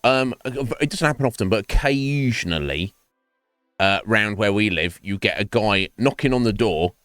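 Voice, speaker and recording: A man's voice: fairly low pitch, animated, moderate pace, fairly bright tone, clear, resonant tone, dry recording, studio quality. A man in his forties, a streamer chatting casually while gaming, rambling and sweary with self-mocking asides. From England. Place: home streaming setup. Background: faint game music.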